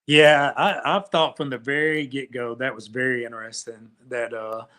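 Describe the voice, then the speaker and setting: Man, mid pitch, guest expert, halting, lots of ums. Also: fairly even intonation, a bit bright, clean tone. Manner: halting, many fillers and restarts. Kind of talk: casual discussion.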